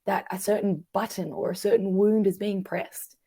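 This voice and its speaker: Woman therapist chatting on a podcast, mellow husky voice, acts out the quotes. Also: mid-range voice, steady tone, normal speed, no room sound, clean studio sound. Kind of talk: conversational podcast talk.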